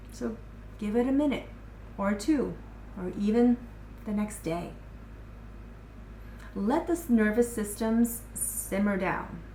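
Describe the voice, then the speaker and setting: A woman in her thirties speaks in a calm, measured voice, slowing down to let key points land. Her voice sits at an ordinary pitch for a woman. The room gives it a noticeable echo, and there is faint background noise. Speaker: parenting coach. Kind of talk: scripted masterclass talk.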